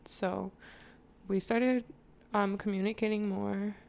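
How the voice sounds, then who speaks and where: A woman vlogger with a gravelly, creaky voice, telling a personal story to her viewers. Her pitch sits in a middle range. She talks frankly in slang, laughs often and wanders into side remarks. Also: level tone, slow, darkish tone. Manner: chatty, digresses, addresses viewers. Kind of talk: candid storytime.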